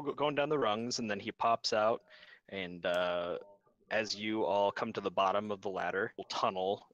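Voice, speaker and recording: Guy running a tabletop game, deep voice but bright, lots of uhs and ums. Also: highs cut off. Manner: loose, filler-heavy description. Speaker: game master.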